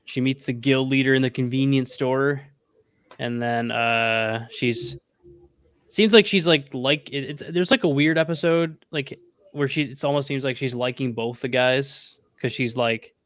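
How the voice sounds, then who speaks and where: A man's voice: mid-range voice, unhurried, a bit bright, clear, resonant tone, no room sound, studio quality. A man co-hosting a casual anime review podcast, rambling with lots of fillers and restarts as he sums up episodes. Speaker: podcast co-host.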